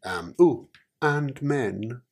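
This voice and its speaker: A man's voice: mid-range voice, lively intonation, drawn-out words, gravelly, a little mellow. A man telling a long joke in a rambling way, with many ums and self-corrections. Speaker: joke teller. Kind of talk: casual spoken joke.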